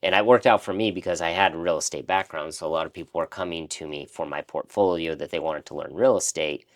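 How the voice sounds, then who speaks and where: A life coach co-hosting a casual talk speaks quickly in a deep voice. He earnestly and reflectively shares a personal story, acting out conversations he remembers.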